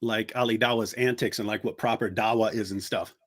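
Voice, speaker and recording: A man co-hosting a casual podcast chat, talking quickly and restarting his words when he gets excited. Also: lowish voice, no echo, clean studio sound. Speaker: podcast co-host.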